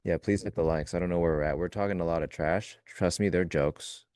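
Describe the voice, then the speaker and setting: A man co-hosting a live trading stream, talking in a loose, joking way and thinking out loud in fragments. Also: low voice, steady tone, fairly quick, dry recording, clean studio sound. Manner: loose, joking, talks through ideas in fragments. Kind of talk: casual live-stream chat.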